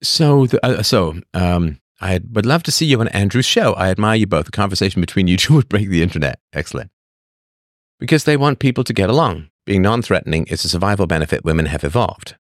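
A livestream host reads through chat messages and gives his opinions, turning his points back into rhetorical questions. His delivery is brisk and animated, with lively swings in pitch. The recording is studio quality with no room sound.

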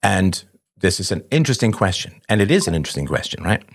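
A deep-voiced man with wide pitch swings talks fast as he hosts a live call-in show and answers a caller. He gives parenting advice conversationally, asking rhetorical questions and often adding "right?", and acts out exchanges between parent and child.

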